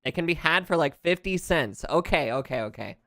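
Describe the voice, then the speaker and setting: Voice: medium pitch, a little fast, no room sound, studio quality. A streamer from the United States, chatting casually over gameplay and ranting in a jokey way. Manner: animated, jokey, ranting, laughs often. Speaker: VTuber streamer. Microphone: close streaming mic.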